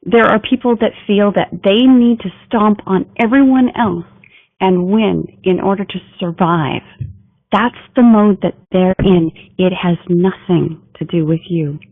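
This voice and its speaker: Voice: medium pitch, unhurried, no room sound. A communication trainer giving a business training talk in an emphatic, coaching delivery. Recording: tinny phone-like dry recording.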